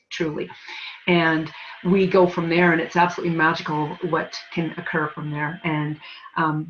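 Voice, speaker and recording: A woman with a fairly low voice talks as an interview guest over a dull, lo-fi recording. She rambles, piling up fillers and restarting her sentences as she goes. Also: slight background noise. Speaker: guest, energy healer. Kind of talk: casual interview talk. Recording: dull lo-fi sound.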